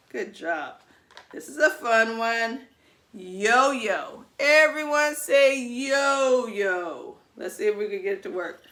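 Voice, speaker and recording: Woman preschool teacher, slow and sing-song, bright tone, lots of praise and call-and-repeat. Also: a little high. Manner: animated, drawn-out sing-song teacher talk; coaxing, praising, asks children to repeat words. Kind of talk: teaching young children by video.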